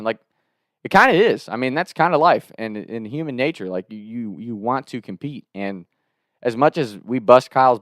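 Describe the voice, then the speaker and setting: A young man telling a funny story to the camera in a casual, animated way, laughing and swearing freely. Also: lowish voice, no room sound, clean studio sound. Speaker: storyteller host.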